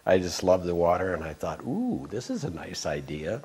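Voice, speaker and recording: An older man casually recounting a personal memory, rambling with frequent restarts, stammers and soft laughs. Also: deep voice, wildly swooping pitch, normal speed, slightly rough. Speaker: devotee recalling memories. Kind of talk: casual storytelling.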